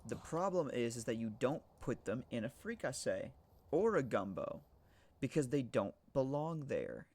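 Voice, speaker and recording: A man's voice: mid-range voice, big pitch swings, normal speed, a little mellow. A man chatting casually to his viewers during a game stream, joking and swearing as he rambles. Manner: joking, profane, rambling, laughs often; talks to chat. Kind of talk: casual live-stream chat while gaming.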